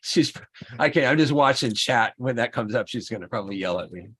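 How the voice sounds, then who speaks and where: Male stream host, average pitch; lively, rambling anecdote-teller. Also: fairly quick, husky. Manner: animated storyteller, rambling restarts. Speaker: livestream host. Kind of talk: casual chat.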